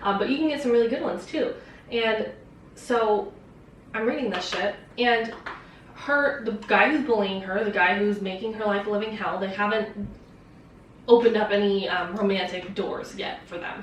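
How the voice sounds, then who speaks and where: A woman's voice: medium pitch, steady tone, moderate pace, a bit bright, slight background noise. A young woman vlogger chatting casually about a book, rambling and swearing with lots of fillers. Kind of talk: casual chat. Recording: very echoey room, distant mic.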